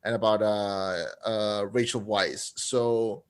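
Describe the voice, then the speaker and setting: A man's voice: on the low side, steady tone, clear, resonant tone. A man co-hosting a podcast, talking eagerly about a film and often restarting his sentences. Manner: enthusiastic, halting, many restarts. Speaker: podcast co-host. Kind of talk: casual podcast chat.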